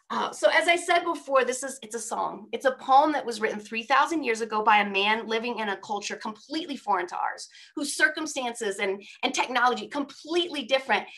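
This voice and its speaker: A woman's voice: a little high, a bit bright. A middle-aged woman giving a conversational sermon at a women's church event over a video call, informal, with frequent rhetorical asides. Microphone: speaking on a video call.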